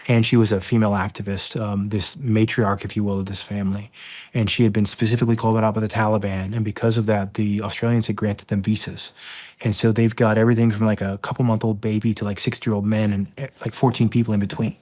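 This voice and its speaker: A low-voiced American man, a Marine officer, recounts events in a conversational interview. He stops and restarts his sentences often and slips into the voices of the people in his story. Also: level tone, a little mellow. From United States. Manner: halting, many restarts and fillers, reenacts dialogue.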